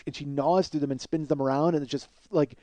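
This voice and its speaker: Rapid-fire rambling comic man. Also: fairly high pitch, steady tone, dark tone, no echo. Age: middle-aged. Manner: rambling, profane, self-mocking. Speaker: podcast host. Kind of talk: comedic storytelling monologue.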